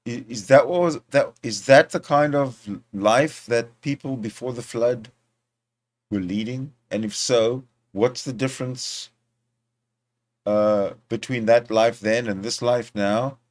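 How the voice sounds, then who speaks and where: A man hosting a livestream, talking in a casual, rambling way, often pausing, restarting and talking to himself into a desktop microphone. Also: medium pitch. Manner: rambling, talks to himself, many fillers and restarts. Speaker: livestream host. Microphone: desktop streaming mic.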